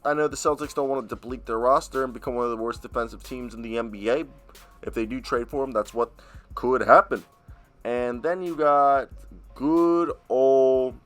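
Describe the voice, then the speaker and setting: A man's voice: medium pitch, fairly bright tone. A man giving blunt, opinionated basketball commentary on his vlog, talking straight to viewers into a laptop mic. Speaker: sports commentator.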